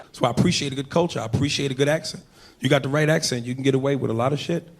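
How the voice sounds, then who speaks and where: Crude, brash stand-up comedian. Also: male voice, medium pitch, racing. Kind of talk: stand-up routine. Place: comedy club stage. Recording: live club recording with crowd noise.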